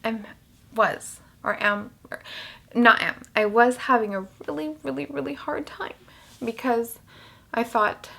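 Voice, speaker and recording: A woman's voice: fairly high pitch, fairly even intonation, unhurried, creaky, pushed and bright. A young woman vlogging casually, rambling with many fillers and restarts while she cries. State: crying. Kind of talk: emotional casual vlog talk.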